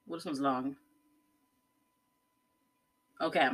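A young woman co-hosting a podcast, chatting casually and reading text exchanges aloud in a flat voice. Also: mid-range voice, normal speed, breathy edge. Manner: reads out text dialogues in a flat voice, laughs often. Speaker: podcast co-host. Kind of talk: casual chat.

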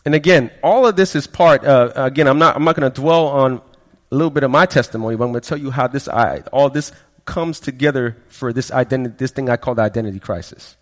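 A man's voice: mid-range voice, fast. Man preaching in an echoing hall. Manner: conversational storytelling, frequent stammered repeats, quotes people in quieter voices. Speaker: preacher giving testimony. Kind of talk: sermon testimony. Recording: long hall reverb.

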